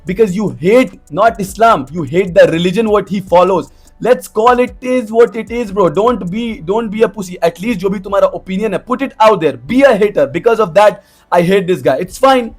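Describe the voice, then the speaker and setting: A man's voice: high-pitched, a little fast, faint music behind. A man delivering a blunt, profane, confrontational vlog rant as an MMA commentator. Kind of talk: ranting vlog monologue.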